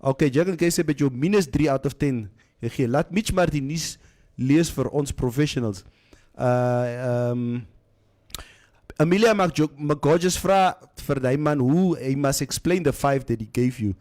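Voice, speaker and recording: A man's voice: mid-range voice, normal speed. A man hosting a morning show, chatting casually and reading out listener comments while slipping into Afrikaans phrases. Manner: animated, slips into Afrikaans phrases. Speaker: radio show host.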